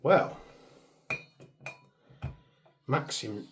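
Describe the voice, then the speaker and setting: A man's voice: mid-range voice, expressive, moderate pace. Man casually testing gear, noisy room. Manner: casual, muttering to himself while fiddling with gear. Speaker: airsoft channel host. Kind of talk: casual hands-on product testing. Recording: clear background noise.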